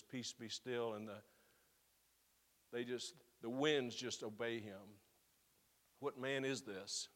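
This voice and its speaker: A man's voice: medium pitch, a bit bright. Earnest male pastor in a reverberant hall. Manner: earnest, building to slow emphatic stresses. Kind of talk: sermon.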